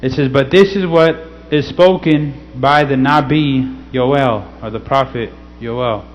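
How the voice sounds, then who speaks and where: A man reading scripture slowly and teaching in a casual way, often checking in with "okay?". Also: mid-range voice. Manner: slow, deliberate scripture reading. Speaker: pastor. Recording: slightly dull recording with faint hum.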